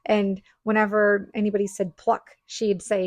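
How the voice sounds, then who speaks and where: A woman's voice: on the high side, moderate pace, no room sound. A woman hosting a casual chat about waxing, who tells stories with lots of laughter and animation. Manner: bubbly, laughs often, animated storytelling. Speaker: podcast host, esthetician.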